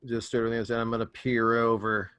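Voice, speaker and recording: A man's voice: mid-range voice, monotone, normal speed, fairly bright tone, clean tone. A man playing a tabletop game, talking casually and playfully with fillers. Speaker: player.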